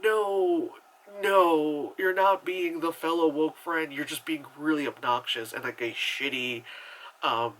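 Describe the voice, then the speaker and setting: A man's voice: on the high side, fairly even intonation, moderate pace, fairly bright tone, slight background noise, rough recording. A man giving a casual spoken movie review, chatty and rambling, with lots of filler words, swearing and exasperated sarcasm.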